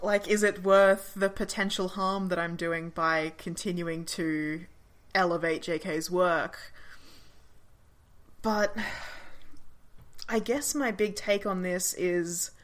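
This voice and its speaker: A woman co-hosting a podcast, chatty and quick in bursts, laughing and swearing freely. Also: fairly low pitch, fairly even intonation. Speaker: podcast co-host. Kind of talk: casual podcast chat.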